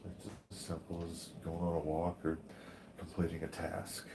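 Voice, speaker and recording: A man's voice: deep voice, level tone, moderate pace, far from the mic, background noise. A man receiving a massage, groaning and exclaiming at the pressure while chatting casually. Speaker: massage client. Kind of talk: casual reactions during a massage. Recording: echoey room, voice off-mic.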